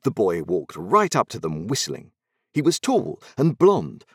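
A man narrating a story aloud in an expressive, dramatic storytelling manner. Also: lowish voice, unhurried, slightly rough, no room sound, clean studio sound.

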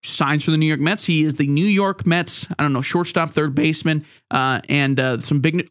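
A man's voice: fairly high pitch, moderate pace, hardly any pauses, fairly bright tone, no echo, clean studio sound. A man hosting a solo sports podcast, rambling and joking, with many fillers and restarts. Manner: joking, playful asides.

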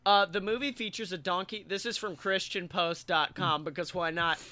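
High, bright-voiced man joking around. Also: normal speed. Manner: animated, swearing, laughing through jokes. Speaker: podcast co-host. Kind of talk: casual comedic banter.

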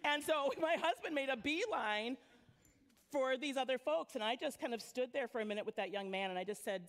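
A woman's voice: on the high side, expressive, a little fast. Conversational woman youth pastor preaching. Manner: conversational, laughs while telling stories. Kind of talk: sermon with storytelling. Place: church sanctuary.

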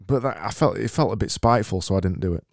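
A man's voice: on the low side, fast, gravelly, dry recording. A man with a Yorkshire accent hosting a casual solo podcast, reading out listener messages in a dry, sarcastic, rambling way on a studio mic. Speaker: podcast host. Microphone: studio mic with mixer.

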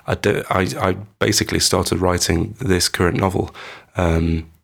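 A man co-hosting a podcast in casual chat, talking slowly and hesitantly while holding back a tickly cough, with dry quips. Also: sits low, steady tone, gravelly, slightly rough. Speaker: podcast co-host.

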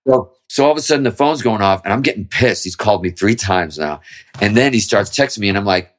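A man's voice: on the low side, animated, fast talker. A man, a musician guest in an interview, telling a long story casually with lots of swearing and restarts. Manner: rambling, profane, with frequent restarts.

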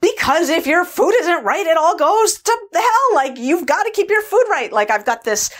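A frazzled young manager, voiced by a woman, talks fast and high, with her voice tight and climbing as the stress builds. She sounds overwhelmed and put upon. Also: very animated. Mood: agitated.

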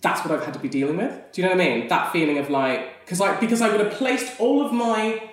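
A podcast guest who works as an actress chats candidly, laughing often as she relates a personal story with frank animation. Her voice sits on the low side and moves fast. She's captured off mic in a very echoey space.

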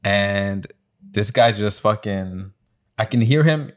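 A man's voice: on the low side, slow pace. A young man on a podcast, casually telling a story, acting out quotes in a raised voice and swearing often. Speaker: podcast co-host. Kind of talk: casual storytelling among friends.

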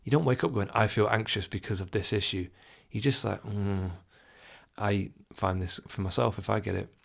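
A man's voice: fairly low pitch, fairly quick, gravelly, a bit bright, breathy edge. A man talking casually and reflectively about overthinking, chuckling now and then and acting out his inner thoughts. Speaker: self-help speaker. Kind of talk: casual advice talk to the listener.

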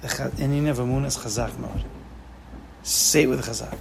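A man's voice: mid-range voice, steady tone, a little fast, creaky, noisy background. A man giving an informal class to students, emphatic, repeating key phrases and mixing in Hebrew and Yiddish terms. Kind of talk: informal lecture with questions to students.

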